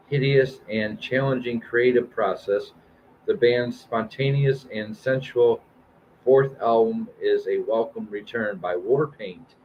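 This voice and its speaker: This is a man in his fifties running through new album releases on a live stream, pausing often on "uh" and "um". His voice sits low and moves slowly. The recording sounds a little dull, with faint hiss underneath. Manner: reads album blurbs aloud with fillers and restarts. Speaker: host of a live stream music show.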